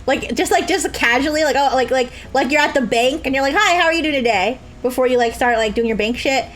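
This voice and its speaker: A young woman streaming a game, joking and laughing a lot with high squeals. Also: fairly even intonation, fast, slight background noise. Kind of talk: casual game commentary.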